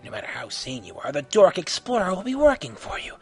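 A man's voice: high voice, huge pitch swings, a little fast, soft background music, exaggerated voice. A man voicing a sly, maniacal male fox clown villain who sneers and wheedles in an amateur audio story. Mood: sneering. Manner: sneering, wheedling, sometimes whispery.

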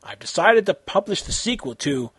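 A man reading his own fan fiction aloud in an amateur, halting way, with slips and self-corrections. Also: high-pitched, very animated, a bit bright, slightly rough, no room sound.

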